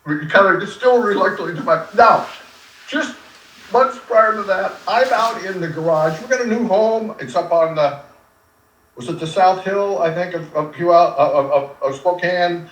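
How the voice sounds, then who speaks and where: An older man, a radio veteran, talks in an animated and earnest way, sometimes close to tears. His voice sits a little high. The sound is roomy and reverberant, recorded from a distance. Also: normal speed, slight background noise. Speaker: radio personality guest. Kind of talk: conversational interview, storytelling. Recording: echoey room, distant from mic.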